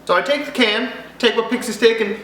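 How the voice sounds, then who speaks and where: High-voiced guy telling a goofy story, rambles and cuts himself off a lot, bright tone. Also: fairly quick, slight background noise. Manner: rambling, self-interrupting, jokey. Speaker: vlogger. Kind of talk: comedic storytelling. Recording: echoey room.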